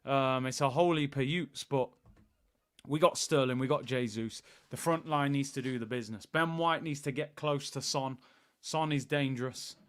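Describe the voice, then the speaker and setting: A man hosting a live football watchalong, chatting excitedly with viewers. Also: mid-range voice, moderate pace. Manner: excitable, hyping up the live chat.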